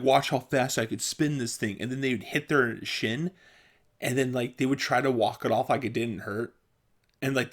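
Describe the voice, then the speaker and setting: A young man rambling through childhood stories in a casual vlog, often laughing and jumping loud and high when he acts out what people said. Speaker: vlogger. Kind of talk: casual storytelling monologue.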